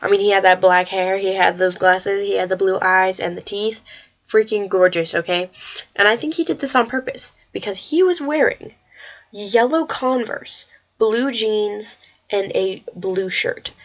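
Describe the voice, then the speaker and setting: A teenage girl chatting in a casual vlog, rambling and excitable, swearing when she gets worked up. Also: medium pitch, measured pace. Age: teens. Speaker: vlogger. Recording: slightly dull lo-fi webcam audio.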